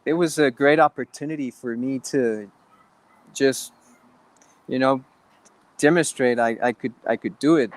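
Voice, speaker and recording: A man's voice: mid-range voice, unhurried, long pauses, no echo. A man, an actor guest in an interview, talking earnestly with many restarts and halts. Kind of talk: interview conversation.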